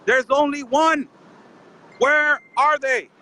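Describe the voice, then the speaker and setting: Calling in to a relaxed live stream, this male border correspondent speaks slowly in a very high-pitched, pushed, bright voice with a steady tone over poor audio. Indignant, he keeps addressing the host by name and peppering him with rhetorical questions.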